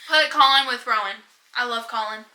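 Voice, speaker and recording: Young woman rambling about books, super bright voice, echoey room. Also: fairly high pitch, normal speed. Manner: chatty, giggly, rambling. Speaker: book vlogger. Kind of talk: casual chat.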